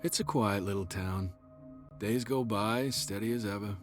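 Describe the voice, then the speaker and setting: A man's voice: fairly low pitch, unhurried, faint music behind, natural voice. An actor voicing a reflective, subdued small-town man in a video game.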